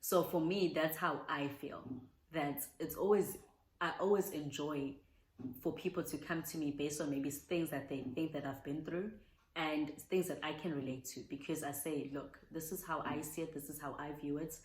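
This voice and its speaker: A woman's voice: low voice, steady tone, normal speed, darkish tone, roomy sound, poor audio. A young South African woman chatting heartfelt and casual as she answers viewer questions, slipping in Zulu words. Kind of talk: casual Q&A chat.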